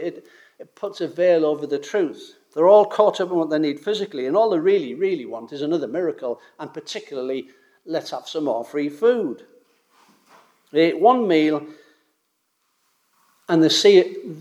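High-voiced man preaching a sermon. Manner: animated, rhetorical questions, acts out the crowd's voices.

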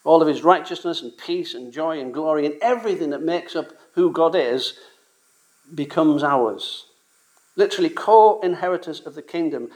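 An earnest male preacher delivering a sermon in a somewhat high voice. He speaks with emphasis, leaning on and repeating key words as he reads and explains scripture. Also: animated, normal speed, a little mellow.

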